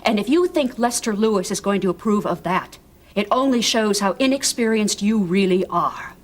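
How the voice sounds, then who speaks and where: A woman's voice: mid-range voice, lively intonation, normal speed, slight background noise, close to an everyday voice. An actress playing a proper, reproachful senior woman in a hospital TV drama, speaking sternly. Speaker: senior hospital staff member. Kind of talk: daytime TV drama acting.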